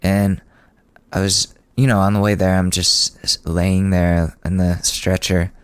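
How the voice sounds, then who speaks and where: Deep-voiced man telling a sardonic story. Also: level tone, unhurried, clear, resonant tone, no echo. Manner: sardonic, rambling, many restarts. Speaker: podcast host. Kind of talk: casual comedic storytelling.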